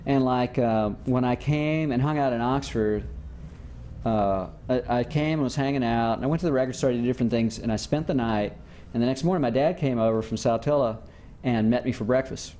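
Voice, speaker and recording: A man's voice: medium pitch, a little fast, warm tone, a little hiss or hum. A man from the States, a former musician telling loose, rambling stories as an interview guest. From Southern United States. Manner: rambling, loose, lots of "you know" and "like". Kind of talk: casual storytelling.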